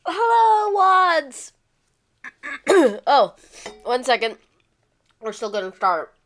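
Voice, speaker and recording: A woman streaming a video game, chatting casually in a hoarse voice from a cold, rambling with many fillers and restarts. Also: fairly high pitch, takes it slowly. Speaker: gaming streamer. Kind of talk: casual livestream chat. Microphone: streaming microphone.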